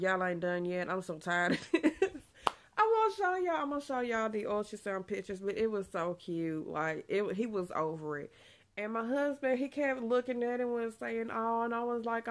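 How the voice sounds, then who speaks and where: A young woman, chatting casually in a pregnancy vlog, a bit out of breath, laughing often. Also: medium pitch. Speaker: vlogger.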